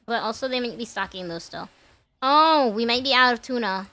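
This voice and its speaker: A young woman streamer chatting casually to her viewers while gaming, playful and crude and quick to laugh. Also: on the high side, animated, bright, forceful tone.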